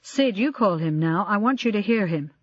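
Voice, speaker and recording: A man's voice: high voice, lively intonation, moderate pace, no room sound. A narrator reading the lines of a distraught middle-aged male police staff sergeant, clipped and agitated, on a dull, dry recording. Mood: tense. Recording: dry, slightly dull lo-fi audio.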